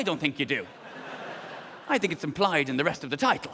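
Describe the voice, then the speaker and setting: A man performing live stand-up comedy in a wry, conversational, animated manner on a theatre stage. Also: on the high side, brisk, in a large hall, a little hiss or hum. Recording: live stage, audience laughter.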